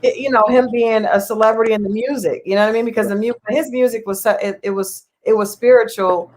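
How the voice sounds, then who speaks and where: A woman's voice: a little high, fairly even intonation, quick pace, a little mellow. A woman hosting an interview, asking thoughtful questions with frequent restarts and affirming fillers. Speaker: interview host. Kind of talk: candid interview conversation.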